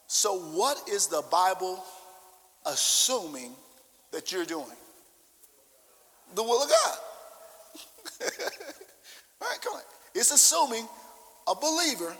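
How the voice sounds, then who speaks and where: Man, very high voice, bright tone, fervent emphatic preaching, long church reverb. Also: sing-song, slow, pauses often. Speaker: pastor. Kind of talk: sermon with congregational prayer. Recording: long echo of a large church hall.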